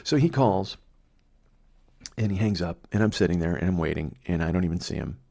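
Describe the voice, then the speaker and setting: A man's voice: low voice, fairly quick, gravelly, mellow. A middle-aged man hosting a podcast, telling a rambling, profane comedic story in a conversational way. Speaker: podcast host.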